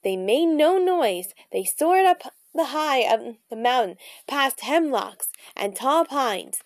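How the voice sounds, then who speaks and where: Brief: high, lively woman reading a kids' book aloud, dry close sound. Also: slow, no room sound. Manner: bubbly, expressive reading. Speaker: storybook reader vlogger.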